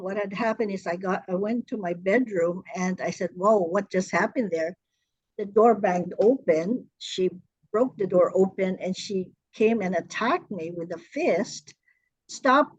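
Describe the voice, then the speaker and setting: A woman earnestly recounting a painful personal story in a workshop, hesitant and halting, with frequent restarts. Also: mid-range voice, a little mellow, husky, no room sound, highs cut off. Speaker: workshop participant.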